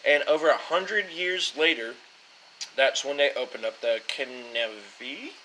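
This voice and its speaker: Casual host, young man, bright tone, loose self-mocking delivery, faint room noise. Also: mid-range voice, measured pace, poor audio. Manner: rambling, self-mocking, fumbles names. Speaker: show host. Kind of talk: casual whiskey-tasting talk.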